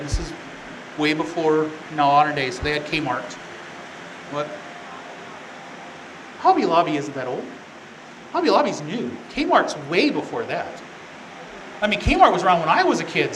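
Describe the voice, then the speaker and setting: A man's voice: on the high side, very animated, moderate pace, pauses often, background noise. A man teaching a youth Bible class, telling the story casually with joking, rambling asides to the room.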